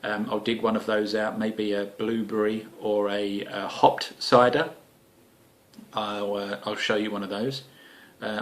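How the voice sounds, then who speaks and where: A man's voice: on the low side, a bit bright. A man with an Essex accent, hosting a homebrew video in a cheeky, joking, casual chat full of fillers. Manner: cheeky, jokey, lots of fillers and swearing.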